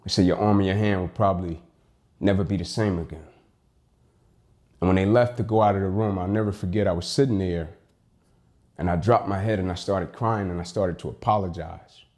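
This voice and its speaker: A man's voice: sits low, fairly even intonation, fairly quick, darkish tone. A young man giving a personal storytelling speech, emphatic, acting out the dialogue he quotes. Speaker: motivational speaker.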